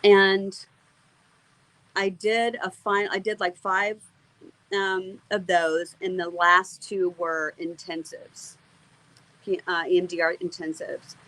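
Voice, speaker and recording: A woman's voice: lowish voice, little pitch movement, slow, fairly bright tone, rough recording. Earnest woman telling an emotional testimony. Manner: earnest, emotional storytelling with many fillers. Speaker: interview guest. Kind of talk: personal testimony in conversation.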